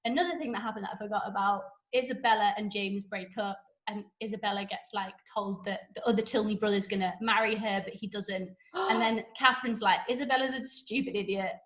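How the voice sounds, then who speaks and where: A woman casually recapping a story on a podcast, chatty and animated, with lots of "like". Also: medium pitch, brisk. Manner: chatty, animated retelling with frequent "like". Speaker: podcast guest. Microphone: podcast microphone.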